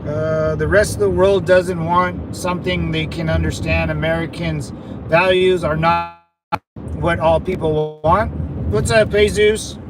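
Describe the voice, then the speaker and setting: A man's voice: on the high side, steady tone, a little slow, rough recording. A middle-aged man hosting a casual livestream, chatting loosely and reading viewer comments. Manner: loose, rambling, slangy, calls viewers brother. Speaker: livestream host.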